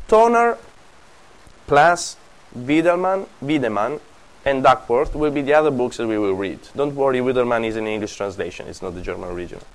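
A man's voice: mid-range voice, animated, brisk, poor audio. A man with an Italian accent giving a university classics lecture, rambling with many restarts, self-corrections and small laughs.

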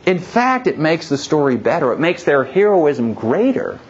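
A man giving a public history lecture, lively and digressive, with wry asides. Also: a little high, normal speed, slightly rough, dull audio. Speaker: guest lecturer.

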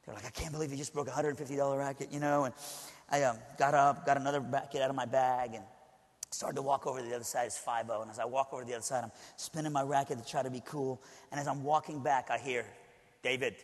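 A man's voice: mid-range voice, fairly even intonation, fast. A male preacher from Alabama telling a personal story in a sermon, talking conversationally with frequent asides to the audience. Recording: long hall reverb.

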